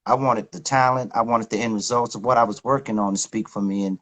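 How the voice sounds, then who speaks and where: Middle-aged male guest, mid-pitched voice, candid, slangy, reflective. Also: fairly even intonation, fast talker, a bit bright, rough recording. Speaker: guest, recording artist. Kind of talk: casual interview talk.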